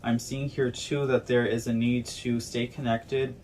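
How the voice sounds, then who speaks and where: A man's voice: mid-range voice, flat delivery, a little slow, darkish tone, slight background noise. Earnest man giving a tarot reading. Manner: earnest, repeats "okay?" and "right?". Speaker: tarot reader. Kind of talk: spiritual reading to camera.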